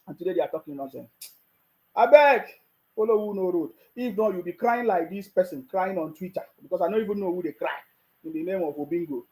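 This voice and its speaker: A man's voice: sits high, fairly quick, mellow, a little hiss or hum, poor audio. A man with a Nigerian accent giving a mocking, scolding political rant with frequent restarts. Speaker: political commentator. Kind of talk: ranting video commentary.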